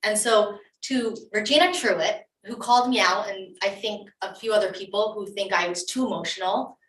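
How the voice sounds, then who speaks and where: A woman's voice: mid-range voice, normal speed, a bit bright. A woman on a township committee, speaking emotionally and insistently at a public meeting, often restarting her sentences. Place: municipal meeting room. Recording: echoey room, distant mic.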